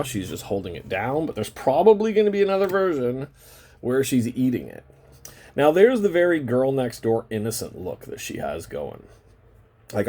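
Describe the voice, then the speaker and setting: With a dark, mid-range voice, a man runs a card-opening video, chatting casually as he opens trading cards. He tends to ramble, drops the occasional swear, and stretches out the ends of phrases.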